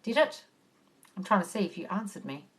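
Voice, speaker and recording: A woman's voice: mid-range voice, very animated, fairly quick, fairly bright tone. A woman hosting a live phone stream from home, answering viewer questions in a chatty, blunt way, swearing and calling people darling. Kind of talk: casual chat reading and answering comments. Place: home, moving about into the kitchen.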